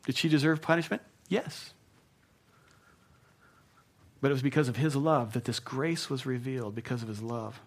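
A man preaching a sermon as pastor, earnest and emphatic, dropping soft for tender points. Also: medium pitch, fairly even intonation, normal speed, pauses often.

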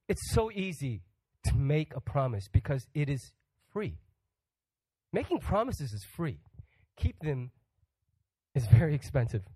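A man's voice: medium pitch, sing-song, unhurried, pauses often, mellow, husky, no echo, low-quality recording. A man preaching a sermon as a guest pastor, joking with the congregation and putting questions to them. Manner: humorous, acts out quoted voices; asks the audience questions.

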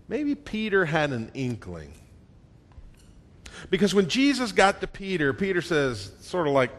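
Expressive male preacher in a reverberant hall. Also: high-pitched, unhurried. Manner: expressive, acts out quoted voices with swings in loudness. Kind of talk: sermon.

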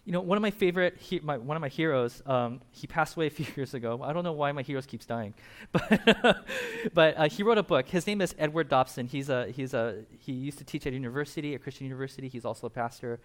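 A man preaching a sermon in a conversational, animated way, laughing now and then and adding asides. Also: medium pitch, fast. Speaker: pastor.

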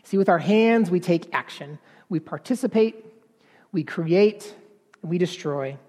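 A man preaching a sermon in an earnest, halting way, repeating words and then building to emphatic passages. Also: high voice, lively intonation, darkish tone, big-room sound.

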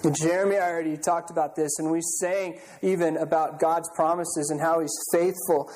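A man's voice: fairly high pitch, fairly even intonation, moderate pace, a little mellow, slight background noise, poor audio. A middle-aged male pastor preaching a sermon, telling stories in an earnest, conversational way with frequent restarts.

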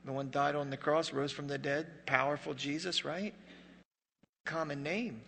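A man preaching a sermon as pastor, a joking, conversational storyteller who drops to a hush for dramatic moments. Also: a little high, fairly even intonation, measured pace, creaky, big-room sound, a little hiss or hum.

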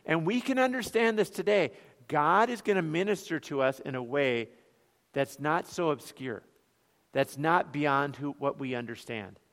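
A man's voice: fairly high pitch, animated, moderate pace, fairly bright tone, big-room sound. A man with a Northern Minnesotan accent preaching a sermon as pastor, conversational, with rhetorical questions and joking asides. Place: church.

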